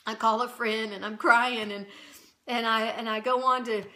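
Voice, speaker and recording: A middle-aged woman recounts a personal faith testimony in a high, bright voice. She speaks earnestly and emotionally, often breaking off and starting over. Her delivery is heartfelt and unpolished. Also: steady tone. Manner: earnest, emotional, halting with restarts. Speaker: Christian channel host.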